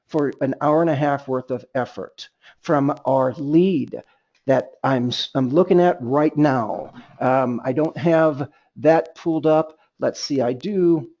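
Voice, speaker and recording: A man's voice: medium pitch, darkish tone, dull audio. A man leading a sales training webinar, emphatic and rambling, often restarting his sentences.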